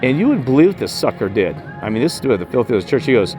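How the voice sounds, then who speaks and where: A man vlogging a rambling personal story about spirits, emphatic and jumping up in pitch when he quotes himself. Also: big pitch swings, fast talker, mellow, soft background music. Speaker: paranormal vlogger.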